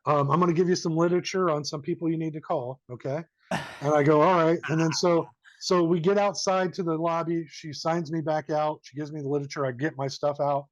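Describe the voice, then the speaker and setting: Brief: man, slightly high voice, animated storyteller doing quoted voices, casual podcast chat. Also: brisk, no echo, highs cut off. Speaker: podcast co-host.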